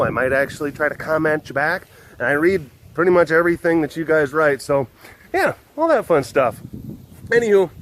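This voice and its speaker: A man's voice: high-pitched, slight background noise. A man talking casually and rambling through stories outdoors while on a walk, laughing often. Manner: rambling, animated storytelling with laughs. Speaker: animal sanctuary keeper. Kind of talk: casual vlog talk.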